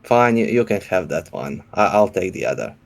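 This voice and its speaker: A man's voice: deep voice, big pitch swings, moderate pace, gravelly, full character voice. A man playing a boastful dwarf sailor captain in a tabletop game. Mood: brash. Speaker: player.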